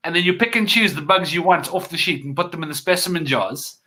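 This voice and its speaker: A man co-hosting a quiz, telling an animated story with casual swearing. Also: on the high side, quick pace. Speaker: guest co-host. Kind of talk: casual chat.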